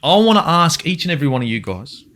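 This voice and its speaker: An Australian man hosting a podcast in casual chat, animated and swearing freely. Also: a little high, fast. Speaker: podcast host.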